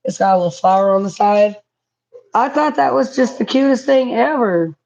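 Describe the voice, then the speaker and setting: A woman's voice: on the high side, lively intonation, moderate pace, vocal fry, a little mellow, muffled recording. A woman chatting casually to viewers on a home livestream, reading comments aloud. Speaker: livestream host. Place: home, indoors.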